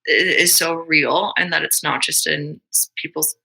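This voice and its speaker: Halting young woman, gravelly and bright. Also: deep voice, fairly even intonation, rough recording. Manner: halting, many fillers and restarts. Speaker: guest, middle school teacher. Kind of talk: emotional personal interview.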